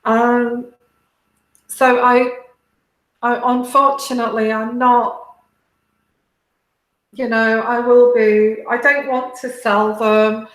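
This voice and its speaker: A British woman hosting a tarot livestream, talking halting and heartfelt to her viewers, close to tears. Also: a little high, little pitch movement, reverberant, rough recording. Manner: halting, many restarts and fillers, heartfelt. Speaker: tarot reader and livestream host. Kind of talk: casual livestream talk to viewers.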